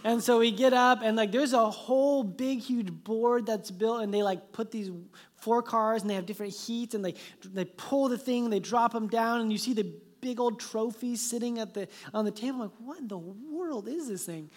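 A man preaching a sermon, telling a story in a lively way that sinks into soft, hushed passages. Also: very high voice, moderate pace, hardly any pauses. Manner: animated storytelling, dropping to soft hushed tones. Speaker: pastor.

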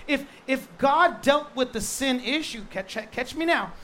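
A male pastor preaching a sermon in a lively, joking way, stressing points with quick repeated restarts. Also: very high voice, a little hiss or hum.

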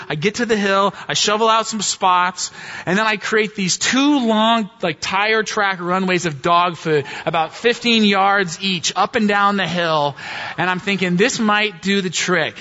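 A man preaching a sermon, chatty and self-mocking, with a bright, forward and slightly high voice. He sounds like a pastor talking to his congregation. The recording has a long church-hall echo and a dull, lo-fi quality. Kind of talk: sermon with a humorous personal story.

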